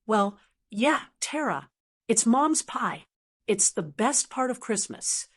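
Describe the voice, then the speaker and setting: A woman's voice: fairly high pitch, sing-song, takes it slowly, a bit bright, husky, exaggerated voice. A woman reading as a caring adult daughter. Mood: puzzled.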